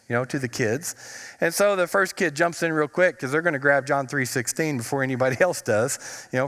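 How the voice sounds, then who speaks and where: In a church, a pastor preaches a sermon full of humorous stories, stretching words out for emphasis. His voice sits on the high side, expressive and sharp, and he talks fast amid the sanctuary's long reverb.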